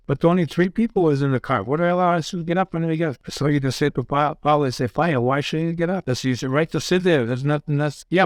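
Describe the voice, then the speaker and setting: A man's voice: medium pitch, no echo. A man telling a personal story in casual, rambling style, quoting each person's lines in turn, with non-native English phrasing. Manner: rambling, quotes others in dialogue.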